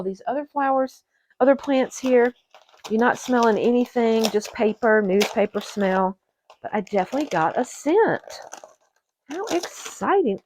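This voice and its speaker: A woman hosting an orchid channel, chatting to her viewers in a gushing, excitable way while unboxing at a table indoors. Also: a little high, noisy background. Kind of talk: casual unboxing chat to viewers. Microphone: camera set on the table.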